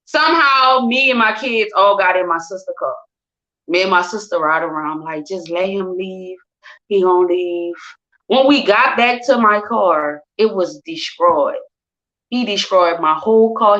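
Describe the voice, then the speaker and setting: A woman's voice: mid-range voice, measured pace. A woman telling a personal story with emotion, acting out what people said in shifting voices. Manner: animated, acts out quotes in different voices. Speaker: guest sharing her story. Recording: dull lo-fi recording.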